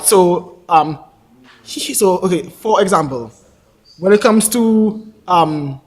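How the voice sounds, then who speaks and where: A man with a stammer in a casual discussion, halting and repeating words, laughing at himself. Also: sits high, animated, darkish tone.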